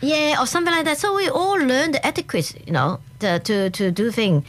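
A woman's voice: high voice, lively intonation, brisk. Chatty woman with a Hong Kong accent. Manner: chatty and enthusiastic, laughs often. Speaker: guest. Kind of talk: casual interview chat.

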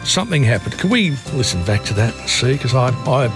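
A man's voice: medium pitch, big pitch swings, a little fast, over music. A man with an Australian accent hosting late-night radio, talking casually and rambling with many fillers and restarts. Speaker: radio host.

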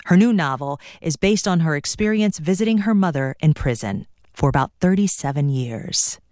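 Radio host, scripted announcement, measured delivery, mid pitch, dry studio sound. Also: animated, darkish tone, no echo.

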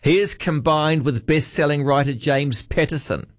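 A man's voice: fairly high pitch, moderate pace, dry recording, clean studio sound. A man hosting late-night talkback radio in a chatty, musing way, reading out listener texts. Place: radio studio.

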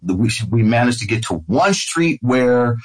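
The low-quality recording captures a middle-aged man, a radio host and interview guest, telling a story from his own life and acting out other people's voices. He speaks a little slowly, with a medium pitch and lively intonation.

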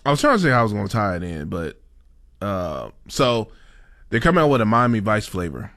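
A man's voice: lowish voice, a little fast, no room sound, clean studio sound. A man co-hosting a podcast, chatting casually with lots of joking and laughter. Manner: animated, laughing, joking banter. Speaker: podcast co-host. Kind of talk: casual chat.

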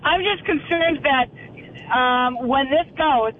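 A man's voice: very high voice, slow pace. A male caller on a radio show voicing his worry, asking question after question. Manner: worried, questioning. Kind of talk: call-in radio talk. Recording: tinny phone line with faint noise.

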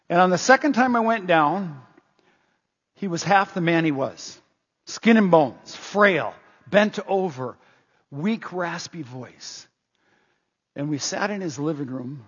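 A man's voice: a little high, breathy edge. A middle-aged male pastor preaching a sermon, telling a story earnestly and asking the congregation questions. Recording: dull, long-reverb hall sound.

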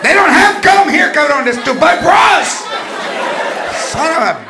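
A man's voice: high voice, expressive, moderate pace, background noise. A man voicing a short-tempered mother scolding her seven-year-old son, with a Mexican Spanish accent, switching between Spanish and English. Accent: Mexican Spanish code-switching. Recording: live stand-up with loud crowd laughter.

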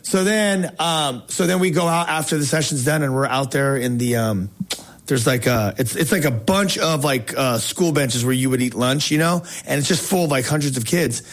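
A man hosting a faith talk show, telling a story in a casual, excited way with slang and frequent restarts. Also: medium pitch, normal speed. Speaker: talk show host and evangelist.

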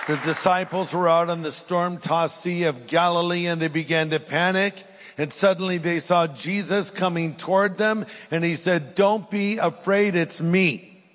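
A man's voice: a little high, steady tone, moderate pace, fairly bright tone, big-room sound, some chatter behind. A middle-aged man preaching a sermon, reading scripture aloud and then pressing his points with emphasis. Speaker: pastor.

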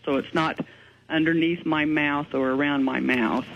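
A woman's voice: low-pitched, steady tone, measured pace, vocal fry, muffled recording, a little hiss or hum. A woman, a ghost investigator, speaking earnestly and matter-of-factly as a radio guest. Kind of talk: radio interview.

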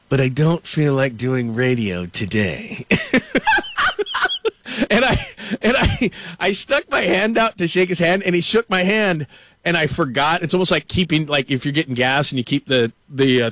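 A man's voice: fairly high pitch, a bit bright, no room sound. A man hosting a sports radio show, telling loose anecdotes with many fillers and frequent laughs into a studio microphone. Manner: rambling, laughs often, many "like"s. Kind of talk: casual studio banter and anecdotes.

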